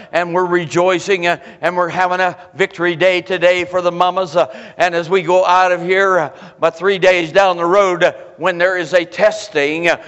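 An older man from Pennsylvania preaching a sermon as pastor, filling pauses with "uh" and acting out the people's complaints. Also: on the high side, a bit bright. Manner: preachy, filler-heavy, voices the crowd's complaints. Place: church sanctuary. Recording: long church reverb.

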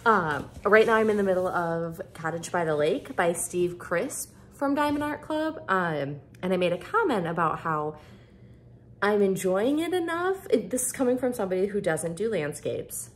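A woman vlogging as she unboxes craft kits, gushing with bubbly excitement and lots of fillers. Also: mid-range voice, moderate pace, slight background noise. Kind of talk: casual unboxing chat.

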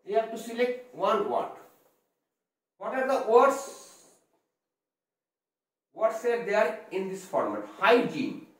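A male English teacher with an Indian English accent, giving an exam-prep lesson and explaining slowly, spelling words out letter by letter. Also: sits high, sing-song. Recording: very echoey room, voice far from mic.

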